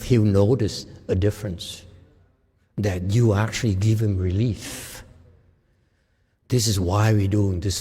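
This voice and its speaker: Man, meditation teacher, dharma talk, slow, husky, laughs often, asks "okay?", long hall reverb. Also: lowish voice, dark tone.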